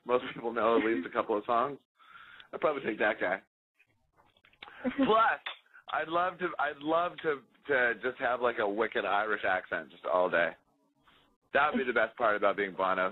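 A man calls into a radio interview and jokes his way through the questions in a loose, rambling way. His voice comes through a thin phone line that cuts off the highs and lows. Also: fairly quick. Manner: joking, rambling, laid-back. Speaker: musician guest.

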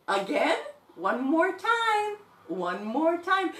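A young woman hosting a sing-along show for toddlers, talking slowly and playfully to small children. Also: sits high, big pitch swings, bright, forceful tone, echoey room, a little hiss or hum. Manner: slow, exaggerated, playful talk to small children. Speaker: children's music teacher and show host.

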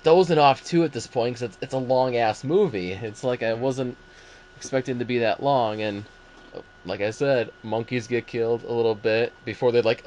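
A man's voice: mid-range voice, moderate pace, darkish tone, slight background noise. A man hosting a casual movie podcast, rambling and acting out his own reactions as he talks. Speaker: podcast host. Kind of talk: casual movie review chat.

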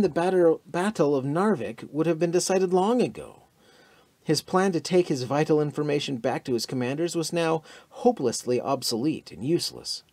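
A man narrating an adventure story as an audiobook, in an expressive storytelling manner. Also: on the high side, no echo.

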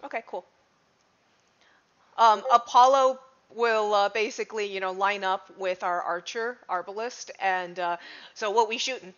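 A woman's voice: medium pitch, a little slow, fairly bright tone, highs cut off. A woman playing in a tabletop game, talking casually and hesitantly with many fillers. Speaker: player.

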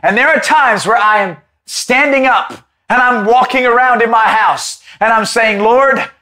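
A man preaching an impassioned Bible-study sermon, rising at times to a shout. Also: very high-pitched, normal speed.

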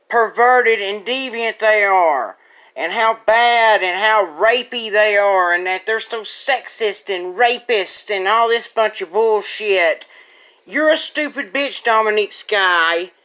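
A woman's voice: mid-range voice, sharp tone. A woman ranting as an online commentator, crude and profane, rambling with frequent restarts. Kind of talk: angry rant.

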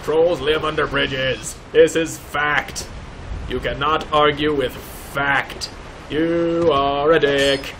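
A young man giving let's play commentary, mock-pompous and swearing, shouting insults at enemies. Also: fairly high pitch, level tone, slow pace, a little hiss or hum. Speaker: gaming YouTuber.

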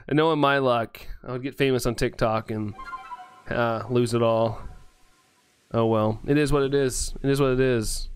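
Reading his stream chat aloud, this male gamer stays excitable, thanks viewers promptly and laughs regularly. The medium-pitched voice comes through clean, in a dry recording.

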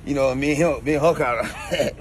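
A man's voice: mid-range voice, brisk. A man in a comedy sketch talking in laid-back Southern slang, chuckling often.

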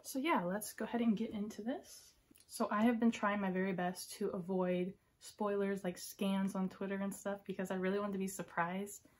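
A woman filming an excited unboxing vlog, giddy and gushing, often dropping to a hushed whisper. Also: mid-range voice, moderate pace. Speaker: K-pop fan vlogger.

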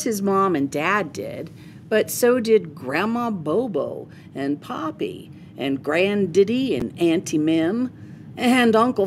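A woman reading a children's picture book aloud to young listeners. She takes her time with each line, and her voice rises and falls expressively. A faint rumble sits underneath. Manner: expressive, lively storytelling. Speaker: storyteller.

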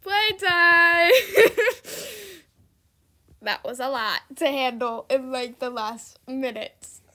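A woman's voice: high voice, animated, slow, pushed and bright. A young woman giving casual, dramatic gameplay commentary, laughing often and exclaiming. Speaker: gaming video creator.

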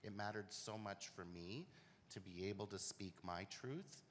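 A man on a panel talks about his lived experience, earnest, emotional and a little hesitant. His voice is very low. It rings in a large hall, with faint noise behind it. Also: unhurried. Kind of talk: candid panel talk.

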